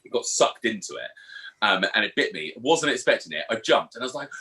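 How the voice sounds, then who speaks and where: A man, co-hosting a casual podcast and telling stories in a sweary, animated way. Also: on the low side, fast. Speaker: podcast co-host. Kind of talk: casual chat.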